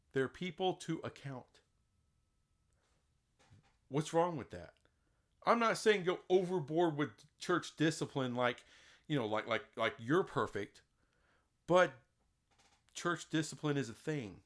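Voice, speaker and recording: Emphatic man ranting, lively pitch. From Texas. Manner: emphatic, indignant, rhetorical questions. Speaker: sports commentator. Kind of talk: opinionated solo commentary.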